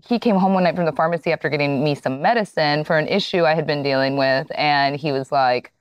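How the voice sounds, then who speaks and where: A woman's voice: low voice, quick pace, clean tone, dry recording, highs cut off. A woman co-hosting a podcast in casual chat, frank and teasing. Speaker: podcast co-host.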